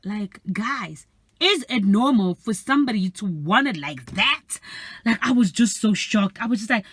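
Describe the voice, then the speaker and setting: Sitting in her parked car, a young woman tells stories in a casual vlog chat, bringing them to life by acting out her friends' voices. Her mid-range voice is husky and measured, and the recording is dry.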